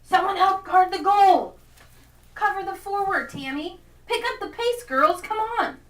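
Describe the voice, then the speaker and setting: Lady teacher doing a pushy soccer dad yelling at the girls, bright and loud, echoey room. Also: extremely high pitch, a little slow, pitched above the performer's own voice. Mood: shouting. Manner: shouting from the sidelines. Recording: echoey classroom from far off.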